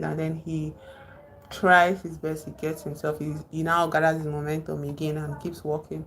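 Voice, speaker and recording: A woman's voice: low voice, little pitch movement, normal speed, a bit bright, a little hiss or hum. A woman live streamer casually recapping a movie, chatting along and stopping to greet viewers in the chat.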